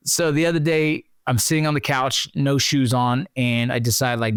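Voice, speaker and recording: A middle-aged man hosting a podcast, chatty and animated when he tells stories. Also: mid-range voice, a little fast, clean tone, no echo, studio quality. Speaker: podcast host. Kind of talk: conversational interview.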